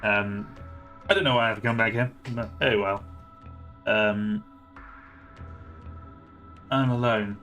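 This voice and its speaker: A man's voice: lowish voice, steady tone, slow, long pauses, pushed and bright, faint music behind. A man streaming a story game, reading its narration aloud and breaking off to comment on it. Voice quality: chatty, reads lines out and then reacts to them.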